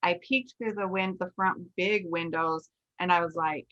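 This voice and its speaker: Low-voiced woman host telling a candid story. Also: normal speed, highs cut off. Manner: candid, animated retelling with quoted self-talk. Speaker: podcast host, nail instructor. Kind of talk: casual storytelling chat.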